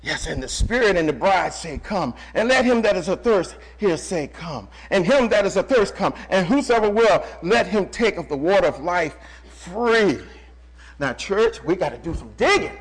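A male preacher delivers a lively sermon in a high, sweeping voice. He calls out to his congregation and repeats phrases for emphasis. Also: normal speed, low-quality recording. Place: church.

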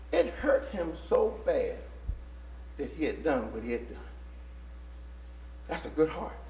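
A man preaching a sermon, swinging from hushed, whispered asides to shouted, sung lines. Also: sits high, roomy sound, slight background noise.

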